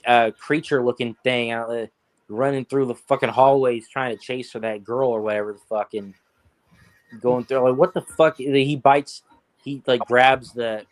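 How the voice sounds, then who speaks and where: A man co-hosting a casual podcast chat, rambling and swearing as he tells stories in an animated way. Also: medium pitch, normal speed. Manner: profane, rambling, animated storytelling. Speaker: podcast co-host.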